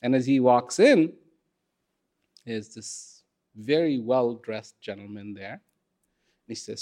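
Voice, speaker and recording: A man telling a story in a talk, unhurried and expressive, with dramatic pauses. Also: mid-range voice. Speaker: speaker.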